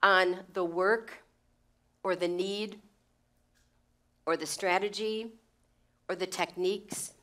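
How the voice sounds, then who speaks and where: Woman Bible teacher, plain mid-pitched voice, chatty and repetitive, keeps checking in with "right?" and "okay?". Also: steady tone, takes it slowly, long pauses, sharp tone. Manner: repeats phrases for emphasis, checks in with "right?" and "okay?"; conversational, with stumbles and restarts.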